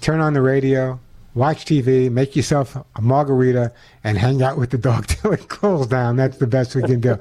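An older man hosting a call-in pet radio show, chatting with callers and reading phone numbers out slowly. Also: medium pitch, dark tone. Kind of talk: call-in radio talk and on-air product pitch.

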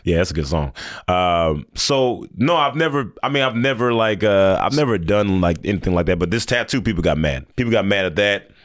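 Male comedian, lowish voice, lively pitch, rambling casual storytelling. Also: brisk, few pauses. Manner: rambling, loose, laughs through stories. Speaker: stand-up comedian guest. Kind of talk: casual podcast chat.

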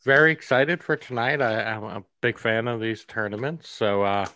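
A man's voice: medium pitch, moderate pace, bright, forceful tone, no echo. A man co-hosting a casual podcast, dry and sarcastic, swearing casually. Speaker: podcast co-host. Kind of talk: casual chat.

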